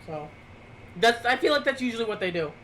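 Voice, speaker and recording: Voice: medium pitch, animated, brisk, bright, forceful tone, slight background noise, poor audio. A streamer co-hosting a live show, chatting casually with blunt, sarcastic remarks and offhand swearing. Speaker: streamer co-host.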